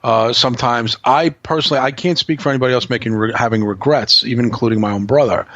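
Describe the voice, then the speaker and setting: A man's voice: medium pitch, fast, a bit bright, no echo. A man talking bluntly as a guest in a casual podcast chat, swearing and telling stories.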